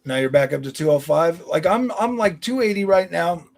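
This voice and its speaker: Gravelly, combative man in his forties. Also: a little high, expressive, normal speed. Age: 40s. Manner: blunt, combative, profane banter. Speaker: streamer. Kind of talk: live stream chat, answering viewers.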